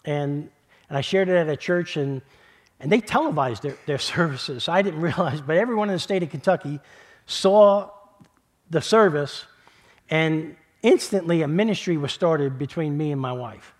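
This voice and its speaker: Middle-aged male pastor from New York, slightly high voice, conversational sermon storytelling with repeats and quiet hushed stretches. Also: normal speed. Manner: conversational, repeats words, builds then drops to a hush.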